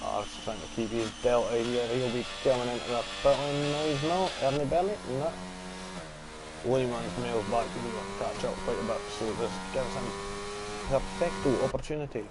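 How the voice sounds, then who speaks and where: A man's voice: mid-range voice, fairly quick, heavy background noise. Scottish man casually commentating a sim race. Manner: casual, swears freely, chats with viewers. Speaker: sim racing league commentator. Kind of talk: live esports race commentary.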